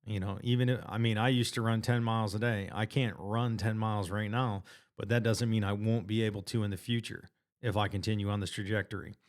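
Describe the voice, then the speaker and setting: A man talks straight to his viewers in a casual, earnest motivational monologue. His voice sits low and sounds smooth and clear. He restarts his sentences often and drops slang as he goes. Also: steady tone, a little fast. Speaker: vlogger sharing weight-loss progress.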